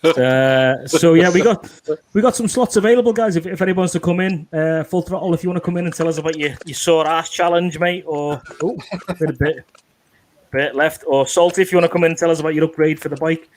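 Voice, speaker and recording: A man's voice: a little high, a little fast. A man with a Liverpool accent hosting a motorcycle livestream, chatting casually and calling everyone mate. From England. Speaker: livestream host. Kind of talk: casual chat.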